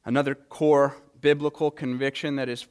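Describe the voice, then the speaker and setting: A man's voice: mid-range voice, little pitch movement, normal speed, a little mellow, clean tone. A man preaching a Sunday morning sermon, earnest, often repeating words as he presses a point. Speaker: pastor.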